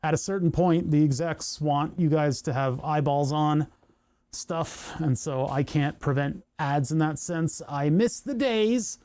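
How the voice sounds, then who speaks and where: Man hosting his own hobby channel, casual workbench talk that wanders with dry sarcastic asides; mellow tone, sits a little high. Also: unhurried, hardly any pauses. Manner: rambling, sarcastic asides, lots of restarts. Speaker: electronics hobby channel host. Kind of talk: casual workbench chat to camera.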